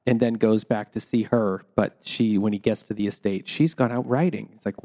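A man co-hosting a casual book discussion podcast, retelling the plot and acting out lines in quick quoted voices. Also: fairly low pitch, fairly even intonation, dark tone. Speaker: podcast co-host. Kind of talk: casual book-club chat.

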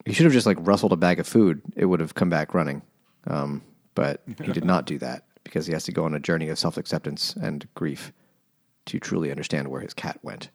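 A man's voice: extremely low pitch, fairly quick, no echo, studio quality. A man co-hosting a casual book chat, summarizing the plot with wry asides.

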